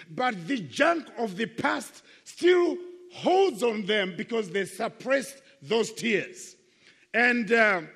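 A man's voice: sits high, fairly bright tone, in a large hall. An older man giving an earnest, emphatic testimony sermon to young people as a Christian speaker, repeating his key phrases for weight.

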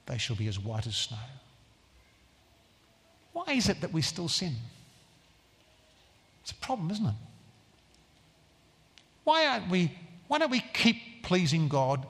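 Preacher with a bright, lively voice. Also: male voice, fairly high pitch, long reverb tail. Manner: earnest, emphatic preaching with slow stressed phrases. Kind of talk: sermon. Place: church.

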